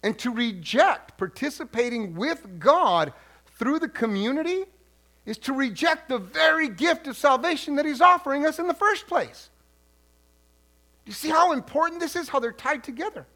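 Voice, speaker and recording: Male pastor, high and bright voice, chatty, animated sermon delivery. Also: normal speed. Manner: animated, conversational, repeats words as he restarts phrases.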